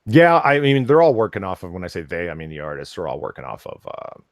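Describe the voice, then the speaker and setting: A man's voice: low-pitched, big pitch swings, fast talker, no room sound, studio quality. A man hosting a casual comics livestream, rambling with lots of fillers and nerdy asides. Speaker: podcast host.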